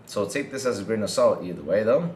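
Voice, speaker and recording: This lowish-voiced man talks fast in a roomy space, with a faint hiss or hum in the background. Hosting a gaming podcast, he reads news aloud and fires back mocking, swearing commentary while engaging his chat in an animated way.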